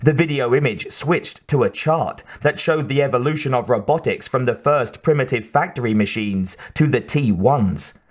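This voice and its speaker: Steady and measured, a man with a medium-pitched voice narrates an audiobook.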